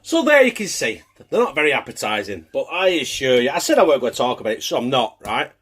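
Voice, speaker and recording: A man's voice: medium pitch, very animated, fast, fairly bright tone, soft background music. A man hosting a casual home cooking show, chatty, laughing and swearing as he works in his kitchen.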